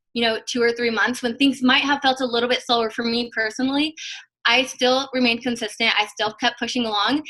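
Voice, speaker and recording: A woman's voice: fairly high pitch, pushed and bright, poor audio. A young woman giving casual motivational advice in a rambling way, full of "like" and fillers. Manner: rambling, heavy use of "like". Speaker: guest network marketer.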